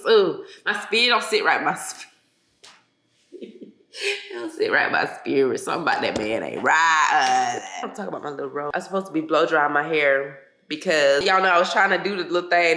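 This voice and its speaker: A woman's voice: deep voice, fairly bright tone. Chatty woman vlogging in an echoey kitchen. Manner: chatty, talks to viewers as y'all and girl, loose casual grammar. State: just woke up. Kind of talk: casual chat to camera. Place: home kitchen.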